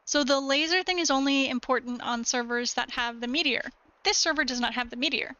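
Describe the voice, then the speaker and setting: High, bright-voiced woman streamer. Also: fairly quick, no echo, highs cut off. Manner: clipped dog-training commands, then explanatory talk. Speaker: gaming streamer. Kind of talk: casual live-stream chat.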